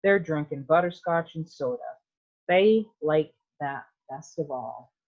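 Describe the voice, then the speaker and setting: A woman voicing an eccentric, excitable male candy maker who talks briskly and bossily. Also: deep voice, highs cut off, exaggerated voice. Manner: brisk, bossy, theatrical.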